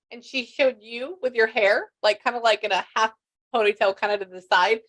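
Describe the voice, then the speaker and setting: A woman's voice: a little high, steady tone, moderate pace, fairly bright tone. A woman, a spiritual medium chatting through a reading and relaying messages with lots of quoted asides. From Texas. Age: 60s.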